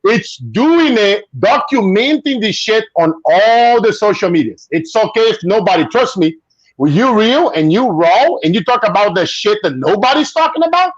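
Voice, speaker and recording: Brazilian-accented man, casual guest, animated storyteller, high bouncy voice, dry slightly dull sound. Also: moderate pace, no echo. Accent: Brazilian Portuguese. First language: Portuguese. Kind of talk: casual chat on a video call.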